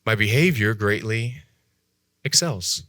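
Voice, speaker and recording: A man telling his own life story in a talk, animated, jumping high in pitch and dropping to hushed tones as he acts out voices. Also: slow, no echo, clean studio sound. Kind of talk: dramatic personal storytelling talk.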